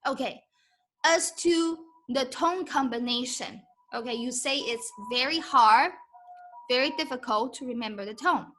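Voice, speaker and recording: A woman's voice: high voice, measured pace, a bit bright, slight background noise. A woman teaching Mandarin on a live stream, mixing English with Mandarin and drawing out syllables to demonstrate tones. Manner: encouraging, asks "okay?" often. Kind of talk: live-stream language lesson.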